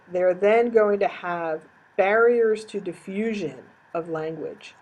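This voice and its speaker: A woman's voice: medium pitch, a little mellow, poor audio. A woman teacher giving a recorded lecture, explaining terms step by step and repeating key definitions.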